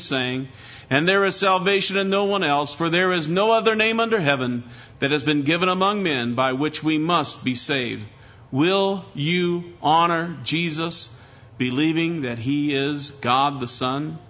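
Emphatic male preacher, bright lo-fi sound. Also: a little high. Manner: emphatic preaching, rising and falling. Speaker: pastor. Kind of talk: sermon.

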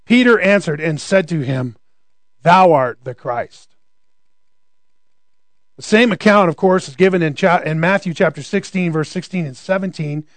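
A man's voice: high-pitched, a little fast, hardly any pauses, no echo. A man preaching a conversational sermon, often asking rhetorical questions.

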